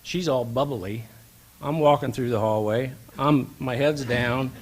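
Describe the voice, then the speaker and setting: A man's voice: mid-range voice, unhurried. A man giving a speech at a banquet, telling an anecdote and acting out the dialogue. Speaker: banquet speaker. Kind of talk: storytelling speech. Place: event hall.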